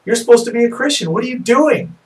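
A man shouting as an outraged teenage boy. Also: lively intonation, fast, far from the mic. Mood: furious. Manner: shouting, high-pitched, outraged. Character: furious teenage boy just pulled from drowning. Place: office.

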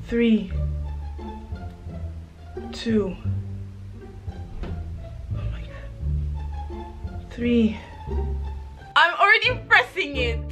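A young woman vlogging from her room at home, her voice sitting a little high as she chats to the camera. She sounds nervous and giggly and swears casually. Clear music plays behind her. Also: a bit bright. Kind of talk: casual vlog chat to camera.

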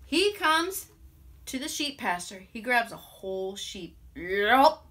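A woman music teacher telling a children's story aloud, animated and expressive, with playful sound effects. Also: a little high, measured pace. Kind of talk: storytelling to children with ukulele song.

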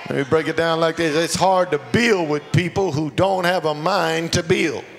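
A pastor preaching a sermon, moving between quiet asides and shouted lines, laughing along the way. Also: male voice, fairly high pitch, steady tone, moderate pace, gravelly, a little hiss or hum. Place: church sanctuary. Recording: long church hall reverb, faint ambience.

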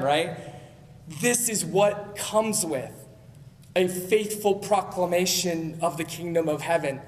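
Male pastor, high voice, chatty sermon delivery, reverberant sanctuary. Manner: conversational preaching with frequent "right?" asides. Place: church sanctuary. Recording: long church hall reverb.

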